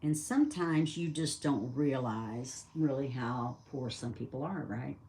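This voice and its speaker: A woman's voice: very deep voice, animated, a little slow, warm tone. An older woman telling a personal story in a casual, rambling way. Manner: chatty, rambling, acts out dialogue.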